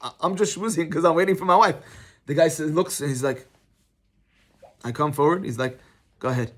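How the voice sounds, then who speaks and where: Fairly quick and fairly high-voiced, a middle-aged rabbi leads a relaxed Torah class, mixing the text with personal anecdotes. His manner is lively and conversational, like he's talking with everyone present.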